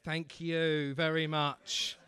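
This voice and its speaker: A man working as the MC at a stand-up comedy night, bantering loudly with the crowd and mocking himself. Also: a little high, little pitch movement, slow pace, clear, resonant tone. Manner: loud, swearing, self-mocking banter. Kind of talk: crowd work between acts. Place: comedy club.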